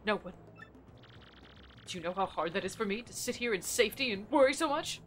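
A woman's voice: medium pitch, animated, a little fast, slight background noise, lightly acted. A woman voicing a pompous, cowardly male merchant in a video game, grandiose and fussy. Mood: self-pitying. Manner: grandiose, fussy, self-pitying. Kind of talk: reading game dialogue aloud in voices.

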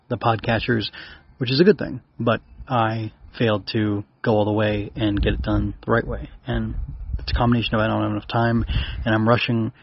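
Gravelly-voiced man, rambling podcast host. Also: on the low side, dull audio, a little hiss or hum. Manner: rambling, self-correcting, chuckles. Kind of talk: casual chat and reading his own fiction.

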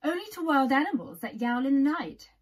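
Woman putting on a know-it-all wooden doll girl, storybook voice, a little high. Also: sing-song, brisk. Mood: matter-of-fact. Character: small bossy knowing wooden girl doll.

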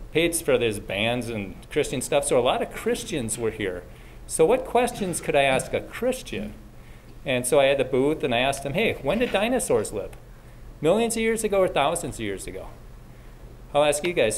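A man's voice: mid-range voice, a little hiss or hum. A man giving a casual talk to a live audience as a Christian speaker. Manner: casual, conversational, frequent restarts.

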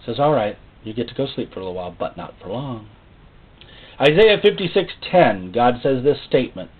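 A husky-voiced man preaching, his pitch swinging widely from low murmurs up to sudden loud cries. He jokes and acts out small scenes as he goes. The sound is thin and tinny, as if over a phone. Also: very animated, brisk. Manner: folksy, jokey preaching with acted-out voices and sudden loud rises. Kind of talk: sermon.

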